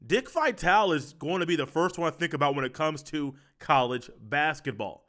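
A man's voice: on the high side, animated, normal speed, a bit bright. A man hosting a solo sports podcast with a head cold, talking in a loose conversational way and repeating his phrases. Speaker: podcast host.

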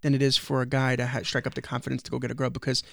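A man's voice: mid-range voice, completely flat delivery, rapid-fire, gravelly, fairly bright tone, no echo, clean studio sound. A young adult man co-hosting a podcast, rambling and self-deprecating in casual chat, swearing freely. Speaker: podcast co-host.

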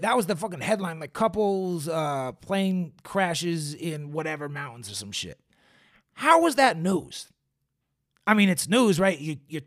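A man talks through a casual solo podcast in a slightly higher-than-usual voice. He rambles and swears freely, padding his thoughts with fillers and restarts. He sounds like he is seated at a desk mic. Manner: loose, profane, rambling with frequent fillers. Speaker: podcast host. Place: indoors, seated in a squeaky chair. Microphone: camera and studio mic.

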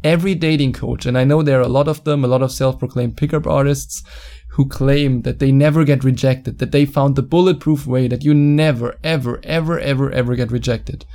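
A man with a German accent hosts his solo podcast on a studio microphone, fairly quick and steady in a dark, medium-pitched voice. He's blunt and mocking and swears a lot.

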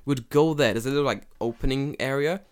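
A man's voice: mid-range voice, fairly quick, clear, resonant tone. A man in casual podcast chat, telling stories with lots of swearing and acting out quoted voices. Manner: profane, storytelling, acts out quotes. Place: lives in Japan.

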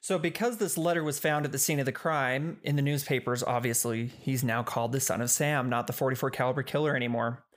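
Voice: medium pitch, a little fast, few pauses. A podcast host narrating a case in a casual, chatty way, explaining and correcting themselves as they go.

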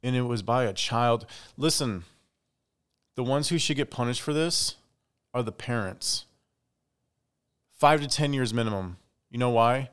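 Young male podcast host, casual solo talk, smooth clear voice, mid pitch, opinionated. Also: measured pace, pauses often. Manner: chatty, opinionated, animated asides.

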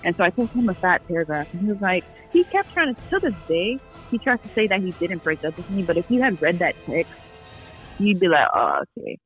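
A woman's voice: on the low side, sing-song, fairly quick, dull audio, soft background music. Rambling young woman telling a story. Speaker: guest. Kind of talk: casual chat.

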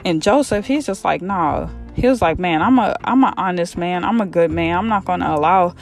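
A man retelling a Bible story in a casual, lively way, acting out the characters' lines in slang and repeating himself as he goes. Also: high voice, fairly quick, creaky, soft background music. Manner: animated, acts out quotes in slang, repeats himself. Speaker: podcast storyteller.

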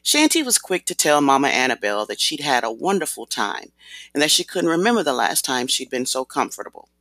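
An audiobook narrator reading a novel with expressive storytelling. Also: medium pitch, a little fast, no echo. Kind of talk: scripted narration.

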